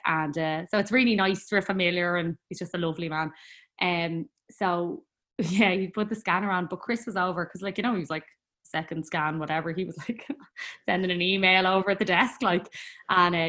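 A woman's voice: on the low side, a bit bright. A young woman with an Irish accent recounts her story as an interview guest in an easy, chatty way. Her talk runs on with fillers, and she breaks into laughter often.

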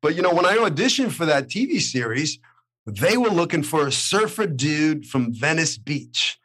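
A middle-aged man with a Brooklyn accent who hosts a casual interview and tells animated stories, leaning on "you know.". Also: on the high side, moderate pace. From Brooklyn, New York. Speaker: podcast host, actor.

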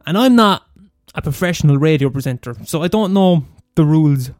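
Young irish man, sweary animated rant, slightly high voice, dry sound, faint music behind. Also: a little fast, no room sound. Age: 20s. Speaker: student radio host. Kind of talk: casual monologue.

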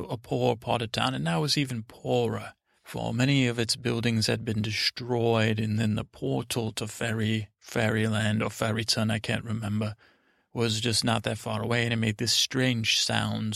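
A blunt middle-aged stepmother rambles through her tale in a drowsy, monotone bedtime drawl, as a man voices her. Her voice is gravelly with a fry at the phrase ends. The sound is dry and close, with no room. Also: fairly low pitch, moderate pace, no room sound. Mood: wry. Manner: drowsy, rambling, full of restarts. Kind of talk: slow bedtime storytelling.

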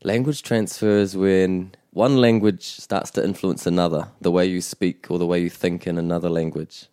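A man hosting a bilingual language lesson, explaining in a measured way with small restarts. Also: sits low, fairly even intonation, dark tone, clear, resonant tone, dry recording, clean studio sound. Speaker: te reo Māori teacher and podcast host.

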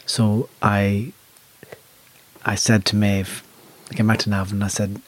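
A man's voice: lowish voice, little pitch movement, measured pace. Ierse man die rauw en breedsprakig vertelt. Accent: Irish. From Ireland. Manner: rambling, earthy, swears freely, self-deprecating. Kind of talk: casual storytelling chat.

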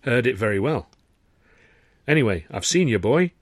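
A man's voice: mid-range voice, sing-song, normal speed, no echo, clean studio sound. A man voicing a sarcastic, calculating older male theatre boss who talks bluntly to his employees.

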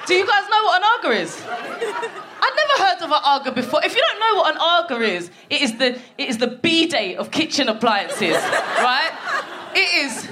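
A woman's voice: high voice, big pitch swings, moderate pace. Foul-mouthed woman doing stand-up. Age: 40s. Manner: swearing, storytelling, punchy asides to the crowd. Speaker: stand-up comedian. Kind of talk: stand-up comedy set. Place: theatre stage before a live audience. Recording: noisy live theatre recording.

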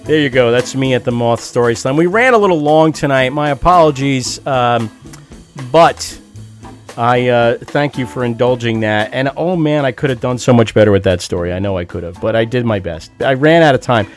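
A man's voice: mid-range voice, moderate pace, faint music behind. A man hosting a show, chatting casually and running himself down after playing a clip. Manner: self-deprecating, chatty. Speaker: radio show host. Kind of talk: casual host talk.

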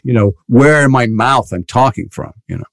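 A male guest, an actor from Liverpool, England, talks in a casual interview with a gravelly, medium-pitched voice. His storytelling is fast, wandering and animated, and his accent is mixed British with mild Liverpool and London traces. Dry recording, clean studio sound.

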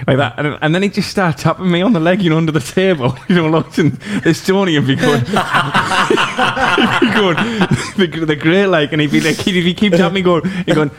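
A man's voice: high-pitched, moderate pace, noisy background. A man hosting a podcast, telling stories in casual chat, rambling, laughing through them and swearing freely. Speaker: podcast host.

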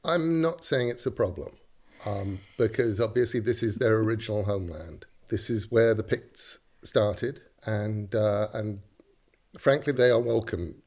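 A middle-aged man chatting as a comedic guest, rambling with dry asides and quiet chuckles. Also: fairly low pitch, unhurried. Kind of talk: improvised comedy chat.

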